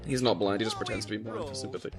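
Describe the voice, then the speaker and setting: A man's voice: on the low side, rapid-fire, music in the background. Giggly man. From Australia. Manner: giggly, crude banter. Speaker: let's play co-host. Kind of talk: casual gaming chat.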